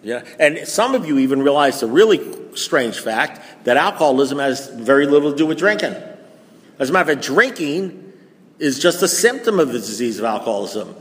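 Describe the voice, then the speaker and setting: A fairly high-pitched man talks to a live audience in a large hall, and his voice trails a long reverb. He speaks bluntly, swears freely and keeps hammering rhetorical questions at the crowd, like a seasoned recovery meeting speaker. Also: a bit bright. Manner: punchy, repeats rhetorical questions, blunt and profane. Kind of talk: storytelling talk to a live audience.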